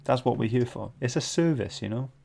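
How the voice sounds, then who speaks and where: Male host, chatty and jokey, reads viewer comments, mid-pitched voice. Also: brisk, creaky, darkish tone. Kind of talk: casual podcast chat.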